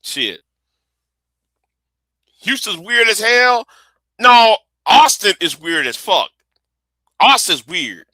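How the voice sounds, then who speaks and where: Animated, profane man rambling. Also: high-pitched, slow, pauses often, dry recording. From Texas. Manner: rambling, profane, stammering restarts. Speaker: livestream host. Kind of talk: casual livestream chat.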